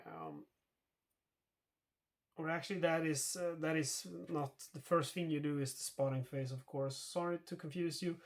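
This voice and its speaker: Man, slightly higher voice, casual game commentary, thinks aloud, lots of fillers and restarts. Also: lively intonation, moderate pace. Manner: thinks aloud with many fillers and self-corrections. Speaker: board game player narrating a solo playthrough. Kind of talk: casual explanatory playthrough commentary.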